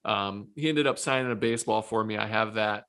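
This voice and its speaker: A man, a former pitcher, telling a long personal story in a casual podcast chat, acting out his own past lines. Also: brisk. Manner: animated anecdote telling, self-quoting.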